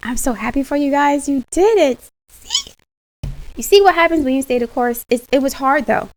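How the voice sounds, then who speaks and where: Animated slangy woman tarot reader. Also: high voice, moderate pace, a little hiss or hum, rough recording. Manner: animated, slangy, talks straight to viewers, laughs often. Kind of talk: casual channeled tarot reading.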